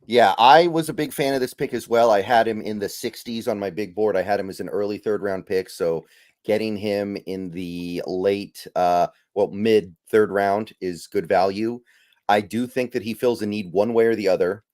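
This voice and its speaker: A man hosts a casual podcast in an easygoing way, thinking aloud and trailing off with fillers as he runs through his picks. His voice is lowish and darkish, with fairly even intonation and a normal pace, recorded in a clean studio with no echo.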